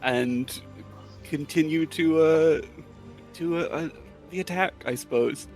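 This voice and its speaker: A man playing a tabletop game, speaking hesitantly with many pauses and slipping into a playful in-character voice. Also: a little high, darkish tone, faint music behind. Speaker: player. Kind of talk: tabletop role-play.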